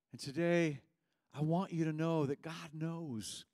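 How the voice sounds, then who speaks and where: A man preaching a sermon as pastor, moving between hushed and raised passages. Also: fairly high pitch, steady tone, a little slow, no room sound. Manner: impassioned, swings from hushed to raised. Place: church service.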